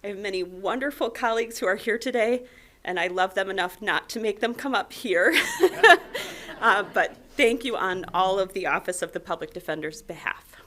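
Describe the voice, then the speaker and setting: A woman's voice: medium pitch, fairly quick, a bit bright. An American woman public defender giving an acceptance speech, emotional and grateful, with frequent ums. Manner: tearful, grateful, many ums.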